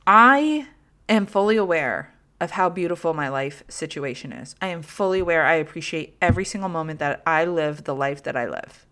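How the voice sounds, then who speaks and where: Woman podcast host, lowish voice, candid casual rambling with curse words. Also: fairly quick, hardly any pauses. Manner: rambling, filler-heavy, frequent swearing; candid, self-deprecating storytelling. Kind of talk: casual chat.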